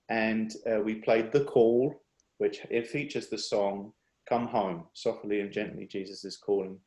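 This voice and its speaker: A man speaks over a video call in a rather low voice, earnest and confessional, often stopping and restarting his sentences. His voice carries a roomy echo. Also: a little mellow. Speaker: speaker at a worship workshop. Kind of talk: personal testimony.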